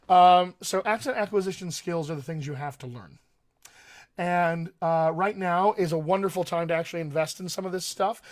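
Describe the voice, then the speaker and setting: A middle-aged man with a slightly raised pitch coaches actors in a live online Q&A. He explains patiently, reaching for comparisons and restarting sentences as he goes. It sounds like a webcam session from a home office. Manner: explanatory, answers viewer questions with analogies and restarts. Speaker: dialect coach. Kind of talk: live-streamed Q&A teaching.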